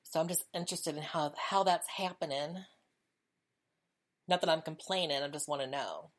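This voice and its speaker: A woman with a notably deep speaking voice hosts her own podcast. She talks on her own in a loose, chatty way, candid and unguarded, often circling back and repeating a phrase before moving on. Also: lively intonation, moderate pace. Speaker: podcast host. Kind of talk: casual solo monologue.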